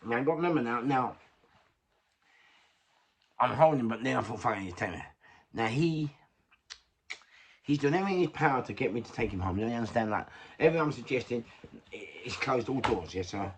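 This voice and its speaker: A man's voice: medium pitch, lively intonation, brisk, pauses often, slight background noise. An older man with a London accent tells a rambling street story in casual chat, swearing and laughing at himself. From England. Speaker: vlogger.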